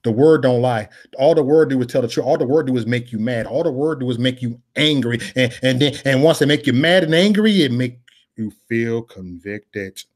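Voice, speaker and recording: A man's voice: medium pitch, moderate pace. Man preaching in a slangy, repetitive rant. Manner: preaching cadence, repeats phrases, swings from loud to mumbling; casual street slang. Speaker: political vlogger. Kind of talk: preachy live-stream monologue.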